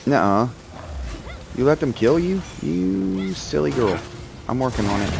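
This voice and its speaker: Animated man chattering through a game. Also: fairly high pitch, unhurried, vocal fry, a little hiss or hum. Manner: chatty, excitable, rambling, bursts into yelling. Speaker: gaming streamer roleplaying his character. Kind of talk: in-character game commentary. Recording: music playing behind.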